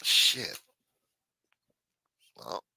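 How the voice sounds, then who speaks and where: A man's voice: extremely slow, bright, forceful tone, dry recording. A man hosting a casual live stream, rambling and swearing, reading chat aloud and acting out quotes in a raised voice.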